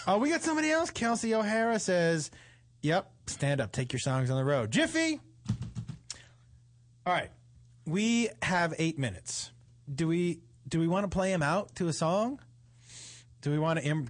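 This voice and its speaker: A man co-hosting a comedy talk show, chatting with callers and telling stories with lots of laughter. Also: a little high. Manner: animated, laughs often, quick comic storytelling. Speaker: radio show co-host.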